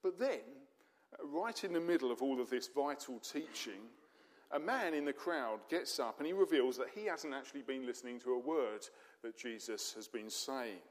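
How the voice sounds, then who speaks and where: A man's voice: mid-range voice, lively intonation, normal speed. A man preaching a sermon in a conversational way, with rhetorical questions and dry humour. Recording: long hall reverb.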